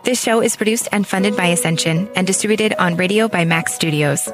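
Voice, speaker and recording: A woman reads a polished, scripted podcast announcement at a quick clip in a mid-range voice. Music plays clearly underneath her. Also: medium pitch. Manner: brisk and polished.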